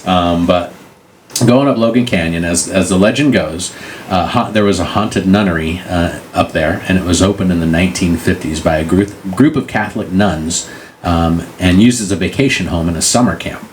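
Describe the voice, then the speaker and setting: A middle-aged man with a low, heavy voice tells local stories in a relaxed, joking way. He drops into goofy voices for the people in his tales. A faint hiss sits under the recording. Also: moderate pace. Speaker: podcast co-host. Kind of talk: casual storytelling chat.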